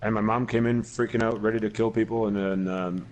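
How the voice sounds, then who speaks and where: Speaking a little fast in a fairly low, slightly mellow voice with fairly even intonation, a man in his forties co-hosts a laid-back gaming podcast. He is a profane, rambling storyteller who tells long tales with many restarts. The low-quality recording has slight background noise.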